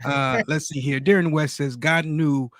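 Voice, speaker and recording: A man's voice: fairly high pitch, fairly even intonation, unhurried, fairly bright tone, dry recording, studio quality. A man hosting a casual talk show, reacting with interjections and reading out viewer comments. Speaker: host.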